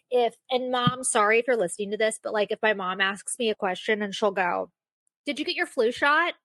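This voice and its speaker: A woman's voice: medium pitch, fairly bright tone, dry recording. A young woman hosting a casual solo podcast, telling a self-mocking story with lots of fillers. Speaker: podcast host.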